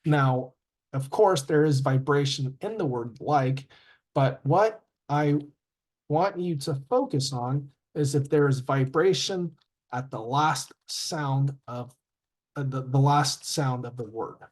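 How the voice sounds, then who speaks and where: A man teaching a grammar lesson, halting with fillers and self-corrections and sounding out word endings. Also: medium pitch. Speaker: English teacher.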